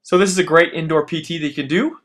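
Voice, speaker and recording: A man's voice: on the high side, fast, a bit bright. Breathless man coaching a workout. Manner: urgent encouragement, breathless after exertion. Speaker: fitness instructor.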